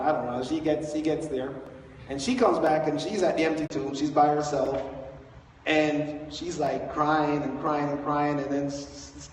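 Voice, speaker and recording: A man's voice: on the high side, a little hiss or hum. A man preaching an Easter sermon as pastor, telling the story with playful asides. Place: large church sanctuary. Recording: echoey church hall, distant mic.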